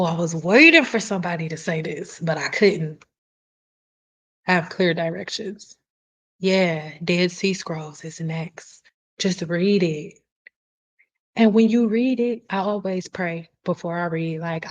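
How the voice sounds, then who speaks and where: A woman's voice: fairly low pitch, takes it slowly. A woman hosting a casual live stream, talking bluntly and passionately and swearing freely. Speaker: hair care host answering live chat. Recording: dull lo-fi stream audio.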